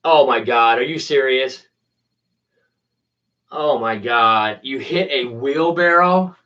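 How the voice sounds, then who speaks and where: A man's voice: mid-range voice, slow pace, pushed and bright. A man hosting a casual RC plane channel, chatting with viewers in laid-back slang. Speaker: RC plane hobbyist host. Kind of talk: casual chat, replying to viewers. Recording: distant, dull lo-fi sound.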